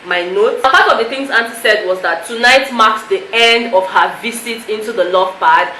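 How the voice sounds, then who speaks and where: A woman's voice: medium pitch, moderate pace, bright, forceful tone. Chatty woman vlogger in an echoey room. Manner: chatty, emotional, many "you know" fillers. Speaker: reality show recap vlogger. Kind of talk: casual show recap to camera. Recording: echoey room with faint noise.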